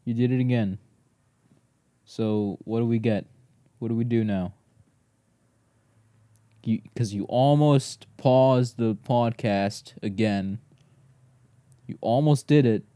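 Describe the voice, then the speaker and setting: A young man hosting a solo podcast, talking slowly in a dark, mellow voice. He rambles and swears at his dog, sometimes slipping into a whisper. The sound is dry and close to the mic. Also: medium pitch, no room sound. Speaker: podcast host.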